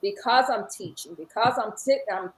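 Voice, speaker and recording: A woman's voice: mid-range voice, normal speed, rough recording. A woman who teaches line dance and paints murals, chatting in an interview and acting out the dialogue in her stories. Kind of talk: casual interview storytelling.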